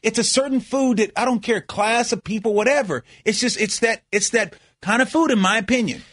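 A middle-aged man, a former player, holds forth on a sports talk show in a high-pitched voice, recorded dry and close. He is emphatic and circles back over his own words, restarting phrases as he pushes his point. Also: a little fast, fairly bright tone, no room sound. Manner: emphatic, repeats himself, restarts often. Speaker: former basketball player turned analyst. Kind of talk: animated sports talk banter.

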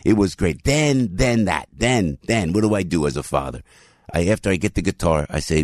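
A middle-aged man hosting a radio show, telling a story with excited emphasis. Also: sits low, normal speed, no echo, studio quality. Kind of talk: animated storytelling monologue.

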